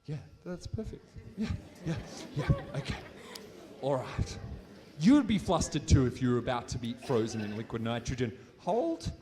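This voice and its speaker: Lively Australian man in a reverberant hall. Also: medium pitch, normal speed. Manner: playful, animated, jokey, talking to a volunteer and crowd. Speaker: science show presenter. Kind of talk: live science demonstration for an audience. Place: stage in a large hall with an audience.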